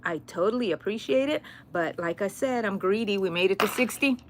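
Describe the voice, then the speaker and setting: A middle-aged woman, chatting casually with viewers on a crochet livestream, given to sudden excited squeals. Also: medium pitch, a little fast, slight background noise.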